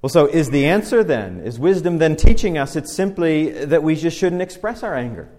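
Male pastor, sermon, chatty preaching, slow stressed verse readings, long hall echo. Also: fairly high pitch, very animated, warm tone. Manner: conversational preaching, slows and stresses scripture quotes.

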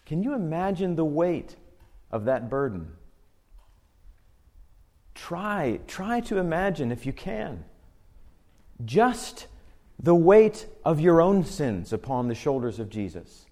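High-voiced earnest male preacher. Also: animated, darkish tone. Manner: earnest, slows to read scripture aloud. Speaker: pastor. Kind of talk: sermon.

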